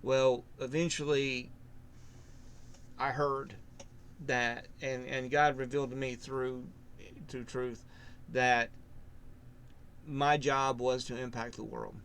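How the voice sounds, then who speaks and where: A man in casual faith discussion, telling his story in a rambling way, restarting sentences and loudly acting out what others said. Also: medium pitch, little pitch movement, takes it slowly, pauses often, a little hiss or hum. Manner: rambling, self-interrupting storyteller who acts out quotes loudly. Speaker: podcast co-host.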